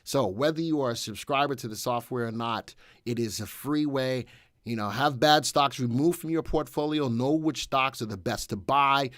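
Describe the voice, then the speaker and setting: A man's voice: mid-range voice, moderate pace, fairly bright tone, no echo, studio quality. A middle-aged man hosting a live stock market stream, upbeat and joking, greeting viewers by name.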